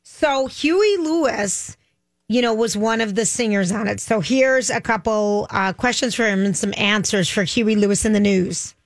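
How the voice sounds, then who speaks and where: A woman's voice: medium pitch, moderate pace, no room sound. A woman radio host chatting casually and enthusiastically with co-hosts in a studio. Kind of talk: casual chat.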